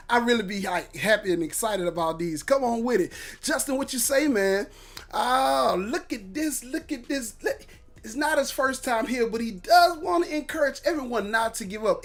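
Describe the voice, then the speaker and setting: A man's voice: very high-pitched, fairly bright tone. Man hosting a casual morning livestream, hyped and encouraging, reading viewer comments aloud. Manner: hyped, upbeat encouraging talk; loose and repetitive, with restarts and catchphrases. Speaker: livestream host.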